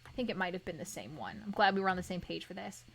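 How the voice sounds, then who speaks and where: A young woman streamer chatting casually and reading chat aloud, bubbly, with lots of quick repeated yeahs. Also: on the low side, animated, creaky, a bit bright. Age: young adult. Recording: stream with music playing behind.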